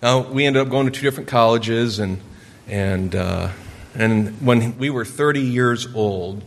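A man in his forties from Michigan telling a personal story during a sermon, earnest and lively. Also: mid-range voice, measured pace. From Michigan, USA. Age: 40s. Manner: earnest storytelling, gets lively acting out quotes. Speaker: preacher. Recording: long hall reverb.

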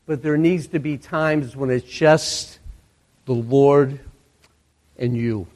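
A man's voice: medium pitch, darkish tone. A male pastor preaching a sermon, reading scripture aloud and repeating key phrases for emphasis. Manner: slow, deliberate reading of scripture with emphatic repetition.

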